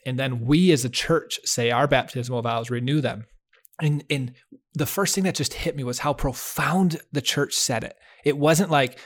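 A man co-hosting a faith podcast over a video call, telling a personal story in an earnest, heartfelt way with restarts and soft laughs. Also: mid-range voice, moderate pace. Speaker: podcast co-host. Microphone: video call setup.

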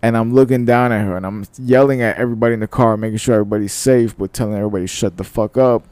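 A man's voice: lowish voice, steady tone, rapid-fire, a little mellow, no echo. A laid-back man, chiming in and then telling his own story in casual chat.

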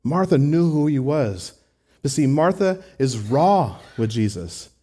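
A man's voice: a little high, expressive, measured pace, dark tone, husky. A man preaching a sermon in an earnest, conversational way, talking to the congregation with rhetorical asides. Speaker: pastor.

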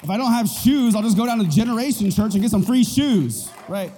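Joking, animated pastor preaching in a hall. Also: male voice, high-pitched, fairly quick, slight background noise. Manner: animated and joking, asks the crowd "right?". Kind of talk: sermon. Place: church auditorium.

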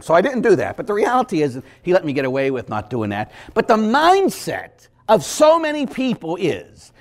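A Catholic priest delivers a lively sermon, telling stories animatedly with sudden loud bursts and chuckles. His male voice sits high and runs at normal speed with hardly any pauses.

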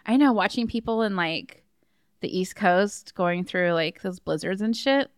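Woman co-host, casual and chatty, smooth clear voice, swears and laughs a lot, dry close mic. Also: medium pitch, expressive, unhurried, no room sound. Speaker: podcast co-host. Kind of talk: casual chat.

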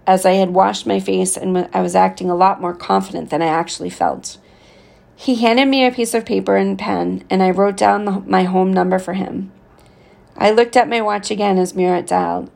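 A woman reading a novel aloud, with steady, expressive storytelling. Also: medium pitch, gravelly. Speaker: reader.

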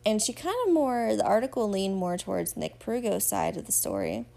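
A woman's voice: mid-range voice, big pitch swings, normal speed, vocal fry, mellow. A woman hosting a podcast, chatting casually and gushingly as she recaps a show and talks straight to her listeners. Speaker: podcast host.

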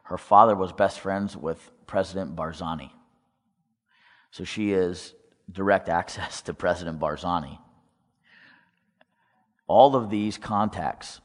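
A man with a very low voice tells a story to a congregation, slipping into the voices of the people he quotes. He asks the crowd questions now and then, and his voice rings with the long reverb of a large hall. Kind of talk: testimony talk to a congregation.

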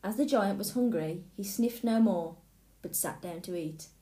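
A woman reading a fairy tale aloud in a clear, steady way. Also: medium pitch, normal speed. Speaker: storyteller. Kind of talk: storybook read-aloud. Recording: echoey room.

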